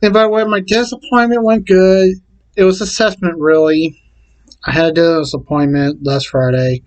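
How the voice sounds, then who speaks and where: A man casually talking to camera and reading out his picks in a plain, repetitive way with halting restarts. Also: a little high, steady tone, rough recording. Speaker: vlogger.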